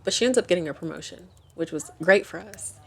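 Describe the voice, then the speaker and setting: A woman's voice: on the low side, quick pace, gravelly, breathy edge. A woman hosting a gaming channel who talks through her life-sim game in casual commentary, chatty and giggly, often correcting herself. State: hiccups.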